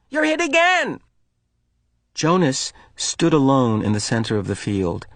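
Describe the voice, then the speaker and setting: A male teacher reading a novel aloud to his class in an expressive, storytelling way. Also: lowish voice, dry recording.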